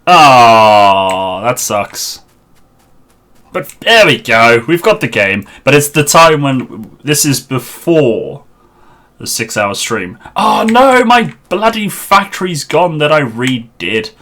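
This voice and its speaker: A man chats through a live game stream on a headset mic, his voice bright and forceful. He mutters along to himself as he fiddles with the setup, half to the viewers and half to the screen. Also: mid-range voice, animated, takes it slowly. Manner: chatty, muttering to himself while sorting out a server.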